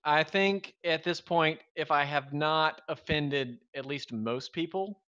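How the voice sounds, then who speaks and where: A man's voice: on the high side, takes it slowly, a bit bright, clear, resonant tone, highs cut off. A man in his thirties from the Southern US, co-hosting a live stream in a wry, rambling, joking way. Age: 30s. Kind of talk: casual live stream chat.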